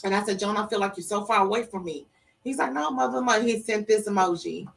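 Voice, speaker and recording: This middle-aged woman speaks quickly in a creaky, mid-range voice as she recounts an emotional story in a studio interview, acting out each person's words. She's recorded from a distance and the recording is rough.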